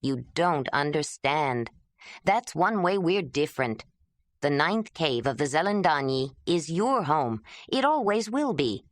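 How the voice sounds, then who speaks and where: A defiant, grief-stricken young traveler, as a woman reader puts him on in a storybook, his speech raw and rising and falling widely. The low voice sits close and dry, with no room around it. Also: big pitch swings, a little slow, no room sound. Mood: grieving, defiant. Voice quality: pleading, emotional. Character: proud young man, grieving, restless wanderer.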